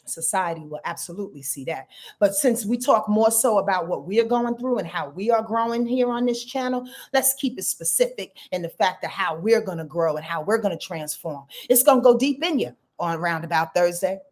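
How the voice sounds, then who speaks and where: Woman astrologer, mid-pitched, blunt and emphatic, with casual swearing. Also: lively intonation, a little fast, a little mellow.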